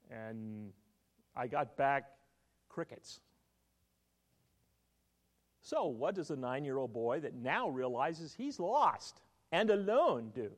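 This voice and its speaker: A man's voice: mid-range voice, slow pace, pauses often. A man preaching a sermon as a pastor, telling stories and quizzing his congregation with questions. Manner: animated storytelling, quizzing the congregation.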